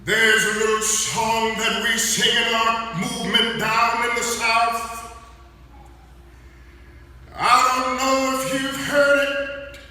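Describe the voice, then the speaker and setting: A man doing an impression of a civil rights preacher addressing his congregation in a measured preaching cadence, heard in an echoey hall from far off. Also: extremely high pitch, level tone, sharp tone, heavily acted. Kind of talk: oratorical speech impression. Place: large hall, live program.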